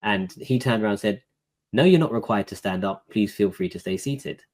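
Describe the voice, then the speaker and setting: Low-voiced man telling a story casually. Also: brisk. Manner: relaxed, filler-heavy, recounting a court dialogue. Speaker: guest.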